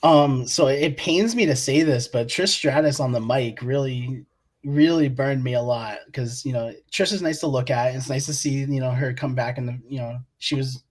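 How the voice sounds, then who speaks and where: A man from Boston, a guest on a casual wrestling podcast, talking in a laid-back, hesitant way with fillers. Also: mid-range voice.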